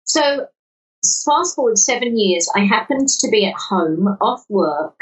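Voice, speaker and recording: A woman from the south-west London area, a guest in a podcast interview, telling stories in an animated way and acting out quoted dialogue. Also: medium pitch, measured pace. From England, south-west London area. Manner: animated storytelling, acts out quoted dialogue, frequent restarts. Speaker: guest, lottery winner. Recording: dull sound from a distant mic.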